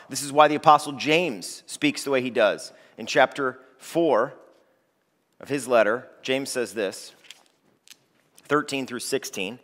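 A man's voice: mid-range voice, lively intonation, a little slow, fairly bright tone. A male pastor preaching a sermon to his church, emphatic, repeating key phrases and lifting his voice when reading scripture. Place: church sanctuary. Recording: long reverb of a church hall.

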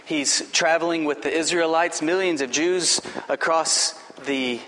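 Pastor guy preaching hard, high voice, long church echo, faint hiss behind. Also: fairly even intonation. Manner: impassioned preaching, slows for emphasis, drops to a hushed prayer. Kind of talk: sermon. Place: church sanctuary. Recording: echoey hall, faint noise.

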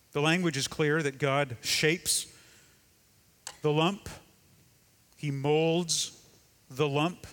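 A male pastor preaching a sermon emphatically, often dropping into a hush for effect. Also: on the high side, big-room sound. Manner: emphatic, dramatic drops to a hush.

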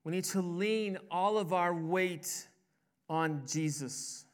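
A pastor with a high, clean-toned voice preaches a sermon slowly. His delivery is emphatic, rising and falling in a classic preaching cadence.

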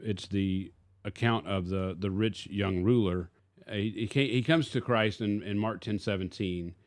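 A man's voice: fairly low pitch, no room sound. A man, a pastor, teaching casually in a discussion and posing rhetorical questions to his listener.

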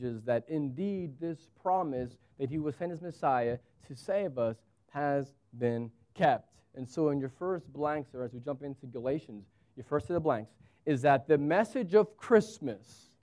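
Animated preaching man, higher voice. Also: unhurried. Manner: animated storytelling with wide pitch swings. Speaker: pastor. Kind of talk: sermon.

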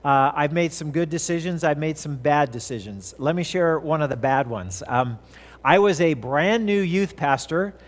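A pastor in his fifties, preaching and telling stories in a fairly high voice. His words ring out with long reverb through a church hall, and he breaks into playful asides as the story goes on. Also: moderate pace. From California. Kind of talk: sermon. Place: church sanctuary.

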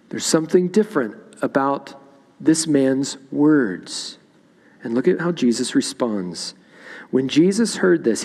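A man's voice: medium pitch, creaky, dark tone. Man preaching in a reverberant church. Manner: expository preaching, reading scripture aloud. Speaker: pastor. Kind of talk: sermon. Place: church sanctuary.

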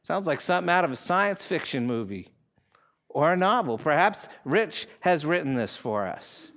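A man's voice: on the high side, big pitch swings, normal speed, a bit bright, muffled recording. A male pastor preaching a sermon, telling a story vividly in the second person and leading the congregation through readings aloud.

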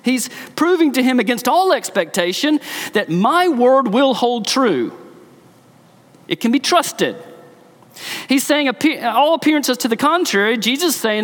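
A man's voice: very high voice, very animated, measured pace, in a large hall. A man, a pastor, preaching a sermon in a church, telling the story with emphasis.

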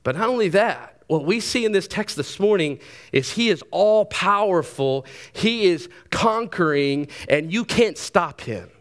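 A man in his thirties, a pastor preaching a sermon in a lively, conversational way, with quick asides and repeated words. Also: high voice.

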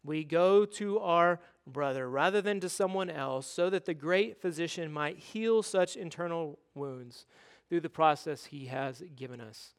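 A man delivers a sermon in a rather high voice. He presses his points with emphatic urgency, then drops to quiet, low asides. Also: measured pace, clean tone. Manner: emphatic preaching that swings from loud urging to quiet, low asides. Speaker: pastor.

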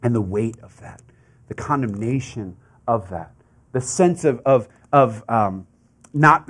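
Male pastor, sermon delivery, animated pitch, conversational but fervent. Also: husky. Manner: conversational preaching, building to fervent emphasis; asks the congregation rhetorical questions.

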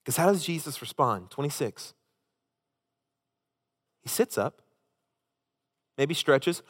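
A man preaching a sermon as a pastor, telling a story with animated, emphatic delivery. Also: a little high, takes it slowly, pauses often, husky. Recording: long hall reverb.

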